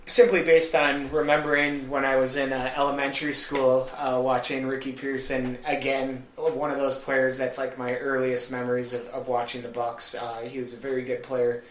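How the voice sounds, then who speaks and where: A man's voice: mid-range voice, little pitch movement, normal speed, hardly any pauses, echoey room, a little hiss or hum. A man on a sports podcast giving short, plainspoken picks. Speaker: podcast co-host. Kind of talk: casual sports podcast chat.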